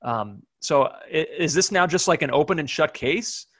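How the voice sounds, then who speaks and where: A man co-hosts a casual sports podcast, running through the news in a slightly high voice. He stumbles and restarts now and then and breaks into quick laughs. The sound is dry and close to the mic. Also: lively intonation, a bit bright, dry recording. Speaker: podcast co-host.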